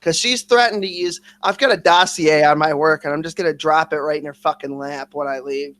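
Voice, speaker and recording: A man rants through a casual podcast stream, swearing nearly every sentence. His voice sits a little high and comes across dry and close, with no room sound around it. He talks quickly and with lots of energy. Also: dry recording. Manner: heavy cursing, ranting; fast, animated venting. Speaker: podcast co-host. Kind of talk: casual livestream chat.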